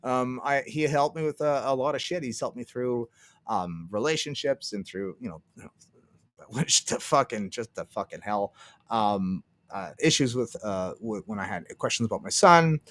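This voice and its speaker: A man's voice: medium pitch, moderate pace, fairly bright tone. A man from Canada hosting a casual livestream, rambling and swearing, laughing often and acting out what others said. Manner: rambling, profane, laughs often, acts out quotes. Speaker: streamer.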